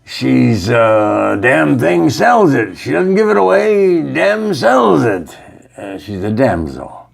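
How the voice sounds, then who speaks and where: A sly old pirate cautions a younger shipmate in a knowing tone, as a man puts him on. His voice sits high and some words come slow and drawn out. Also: sing-song, vocal fry, full character voice. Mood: warning. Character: older male pirate giving sly warnings.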